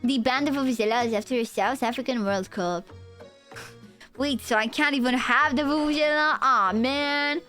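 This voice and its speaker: A young woman with a Romanian accent chats with her stream in a playful, rambling, teasing way. Her voice sits a little higher than most women's. Soft music plays quietly underneath. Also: normal speed. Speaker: VTuber streamer. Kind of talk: casual live-stream chat with viewers.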